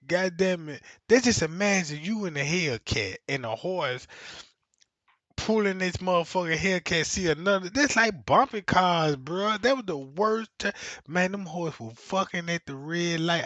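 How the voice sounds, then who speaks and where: A man with a bright, forceful, slightly higher voice tells crude comic stories on a livestream, swearing constantly and laughing between lines. He rambles and keeps checking in with his listeners. The sound is dry and dull, like lo-fi stream audio. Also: dry recording. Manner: profane, laughs often, keeps asking "you know what I'm saying"; acts out quoted voices in exaggerated pitch. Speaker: comedic livestream host.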